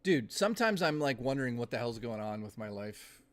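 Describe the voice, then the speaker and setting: A young adult man chatting casually on a live stream, ranting with lots of swearing and quick laughs. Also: mid-range voice, very animated, fairly bright tone. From Canada.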